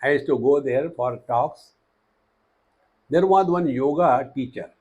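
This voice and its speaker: A man with an Indian English accent giving a spiritual discourse, teaching through humorous anecdotes with quick bursts and slow emphatic phrases. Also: medium pitch, darkish tone, slightly rough, muffled recording.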